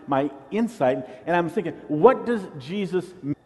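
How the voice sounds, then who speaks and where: A man's voice: a little high, expressive, normal speed, mellow, big-room sound. A man pastor preaching a sermon, teaching in an earnest way and often repeating a word as he restarts.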